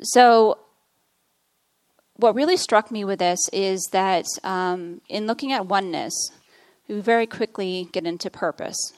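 A woman preaches in an earnest, teaching way, pausing on fillers as she works through scripture. Her voice sits at a middling pitch. The sound is dry and close, with no room around it. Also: smooth, no room sound. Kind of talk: sermon.

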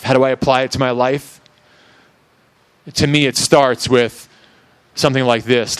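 Middle-aged male preacher, resonant and smooth, reflective devotional teaching with prayer, halting restarts. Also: medium pitch, little pitch movement.

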